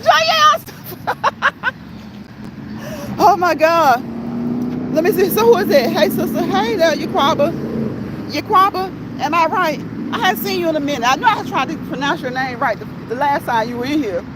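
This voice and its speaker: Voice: sits high, brisk, over a noisy crowd. A live-stream host chatting casually while walking outdoors, slangy and laughing often. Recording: outdoor traffic noise.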